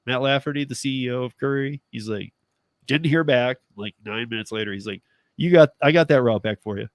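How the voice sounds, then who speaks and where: Man, thirties, casual host, animated storyteller, dry close sound. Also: mid-range voice, fairly quick, no room sound. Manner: animated storytelling, acts out quoted dialogue, laughs often. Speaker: podcast host, rideshare driver. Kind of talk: casual chat.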